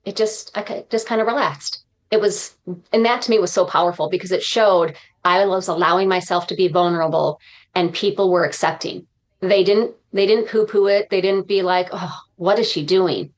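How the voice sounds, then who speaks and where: A woman's voice: medium pitch, fairly even intonation, moderate pace. A woman guest on a podcast, a motivational speaker talking in an earnest, reflective way and dropping uplifting sayings. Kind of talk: podcast interview conversation.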